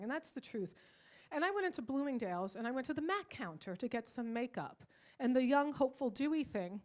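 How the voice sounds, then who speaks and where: Brash high-voiced older woman comic. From Irish. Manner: brash, bawdy, swings loud and quiet, mock voices. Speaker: stand-up comedian. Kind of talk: stand-up comedy set. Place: comedy club stage.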